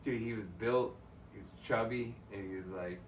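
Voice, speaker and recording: A man's voice: lowish voice, fairly even intonation, normal speed. A young man co-hosting a podcast, rambling through work memories with lots of fillers in casual chat. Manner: loose rambling storyteller, many fillers. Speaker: podcast co-host. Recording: echoey room, distant mic, faint noise.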